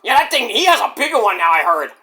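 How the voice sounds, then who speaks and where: A man doing an impression of a brash, boastful male wrestler in the afterlife, loud and shouting. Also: high voice, sing-song, fast talker, exaggerated voice. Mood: rambling.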